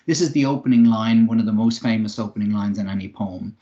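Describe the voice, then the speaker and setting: A man giving an online English lesson, explaining clearly with occasional fillers. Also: lowish voice, steady tone, fast talker, warm tone, lo-fi sound. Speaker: English teacher.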